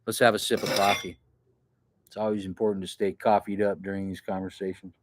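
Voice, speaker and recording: A man vlogging to camera, telling a rambling, profane camping story in a casual way and acting out what other people shouted. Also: low-pitched, level tone, fairly quick, background noise. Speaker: outdoor adventure vlogger.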